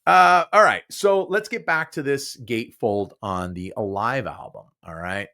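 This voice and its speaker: A man's voice: medium pitch, expressive, unhurried, bright, forceful tone. A man in his sixties hosting his own podcast alone, rambling casually with frequent chuckles and restarts. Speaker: podcast host. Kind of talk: casual solo podcast monologue.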